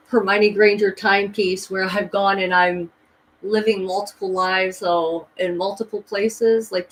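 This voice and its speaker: A woman's voice: medium pitch, slight background noise, rough recording. A woman vlogging a rambling, emphatic personal story, full of restarts and voices she quotes. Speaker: spiritual vlogger.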